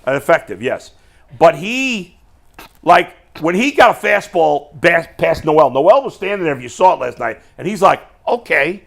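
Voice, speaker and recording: A man hosting a casual sports talk show, animated and quick to restart his phrases. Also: a little high, gravelly.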